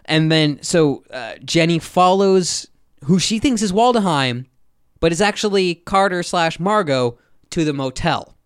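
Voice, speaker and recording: A man's voice: on the high side, animated, a little slow, clear, resonant tone, no echo, clean studio sound. A man hosting a podcast, casually recapping a movie plot with lots of filler words. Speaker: podcast host. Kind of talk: casual film recap chat.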